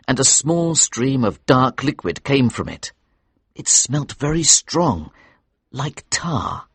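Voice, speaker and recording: Slow, husky male storyteller. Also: medium pitch, no echo. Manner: slow, clear and expressive. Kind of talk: story reading for English learners.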